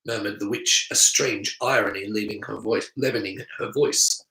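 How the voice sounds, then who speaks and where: A man reading an audiobook aloud in an expressive, animated way. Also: on the low side, moderate pace, few pauses, echoey room, low-quality recording. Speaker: audiobook reader. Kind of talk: audiobook narration.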